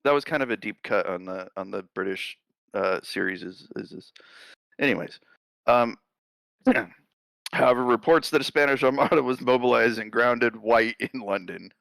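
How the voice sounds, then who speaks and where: A man co-hosts a comedy history podcast, reading the story aloud and riffing on it in an animated way, swearing and laughing often. His creaky voice is medium-pitched at a moderate pace, with no room sound, in a casual comedic history chat.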